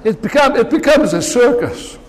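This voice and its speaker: A man's voice: extremely high pitch, big pitch swings, moderate pace, darkish tone. Impassioned male speaker in a reverberant hall. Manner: impassioned, mocking asides. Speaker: political speaker. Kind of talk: live political speech. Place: large meeting hall.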